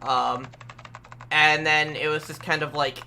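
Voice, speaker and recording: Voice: mid-range voice, little pitch movement, a little slow, gravelly, bright, forceful tone, slight background noise. A young adult guest on a stream, chatting casually in rambling, stop-start sentences with some swearing. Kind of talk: casual chat.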